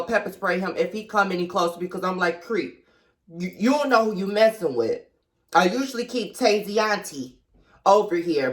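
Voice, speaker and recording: A young woman vlogger telling a storytime in a chatty, confiding way, retelling events dramatically and calling her viewers girl and baby. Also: medium pitch. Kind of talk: storytime vlog.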